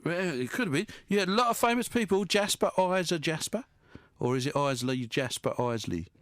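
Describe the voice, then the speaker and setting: A man's voice: a little high, expressive, brisk, no room sound. A male radio presenter chatting casually in a studio, rambling and joking and laughing at his own quips.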